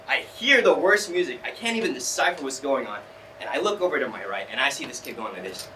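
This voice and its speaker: A young man from California tells a self-mocking story at a live story slam, jumping around his pitch as he acts out the people he quotes. His voice is bright and high for a man. It is picked up from a distance in a roomy small theater with a faint hum of the room behind him.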